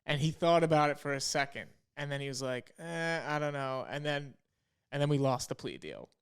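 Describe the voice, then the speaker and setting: A man's voice: mid-range voice, expressive, a little fast, clear, resonant tone. A young man co-hosting a podcast, telling stories in a laid-back way full of "like" and "you know". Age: young adult. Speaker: podcast co-host. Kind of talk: casual storytelling chat.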